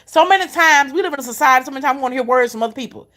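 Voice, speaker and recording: A middle-aged woman with a fairly high voice gives an encouraging, faith-filled talk. She talks like a preacher, repeating lines for emphasis. She calls the listener baby and honey. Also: very fast, sharp tone. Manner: emphatic repetition, folksy Southern-style phrasing. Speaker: motivational speaker.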